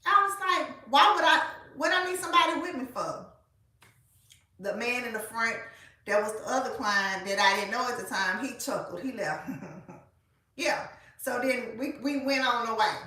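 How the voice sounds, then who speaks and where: A woman, telling a story in a casual, animated way and speaking straight to her listeners. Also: fairly high pitch, distant mic. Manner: animated, colloquial, addresses listeners as y'all. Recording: echoey room, voice off-mic.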